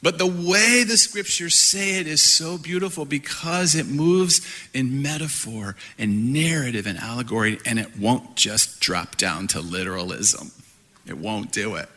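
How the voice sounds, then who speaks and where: A middle-aged man preaching a sermon, animated and playful, laughing often as he talks. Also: medium pitch, measured pace. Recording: hall reverb.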